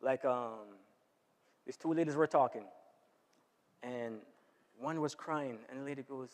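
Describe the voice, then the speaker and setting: A health seminar speaker talks informally to a church audience in a church hall, his mid-range voice moving at a measured pace with long pauses. He often asks "right?" to check in with them, and long hall reverb colors the recording.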